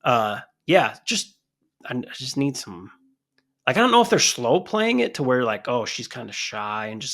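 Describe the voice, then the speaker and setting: Guy cohosting a podcast, gravelly voice, rambly and cussing a lot. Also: mid-range voice, moderate pace. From United States. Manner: rambling, profane, animated. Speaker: podcast co-host. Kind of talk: casual chat.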